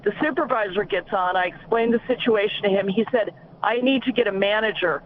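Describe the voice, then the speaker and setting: A woman's voice: mid-range voice, fairly quick. A woman calling in to a talk show, indignantly retelling a complaint in a rush. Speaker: caller. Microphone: phone. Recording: tinny phone line with faint hiss.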